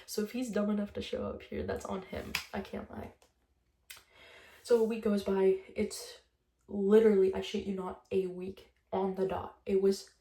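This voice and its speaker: A woman's voice: mid-range voice, mellow, reverberant, far from the mic. A young woman telling a breakup story in a casual vlog, chatty and blunt, swearing freely and laughing often. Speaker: vlogger.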